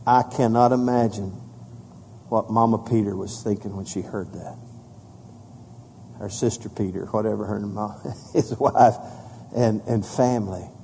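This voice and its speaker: A man preaching a sermon as pastor, reading scripture with rising emphasis and dropping low and soft for solemn points. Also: steady tone, a little slow, vocal fry, pauses often, a little hiss or hum. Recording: hall reverb.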